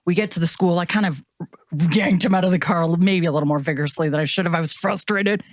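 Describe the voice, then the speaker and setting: Candid woman, low voice, dry sound. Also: fast talker, no room sound. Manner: candid, reflective storytelling. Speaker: podcast host. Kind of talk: casual chat.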